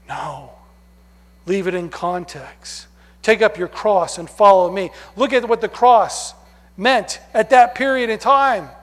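A man preaching a sermon, emphatic, swinging from loud stresses down to hushed words. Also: high voice. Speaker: pastor. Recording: long hall reverb.

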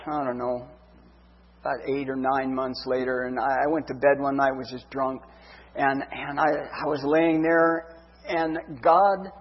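A man's voice: fairly high pitch, husky. A man in his fifties giving an earnest sermon testimony, telling his story with heartfelt feeling. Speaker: preacher. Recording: dull echoey hall.

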